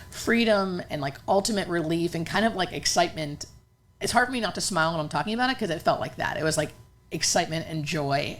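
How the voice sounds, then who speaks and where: A woman's voice: on the low side, a little hiss or hum. A woman hospice nurse earnestly telling a personal story in conversation, emotional and full of fillers.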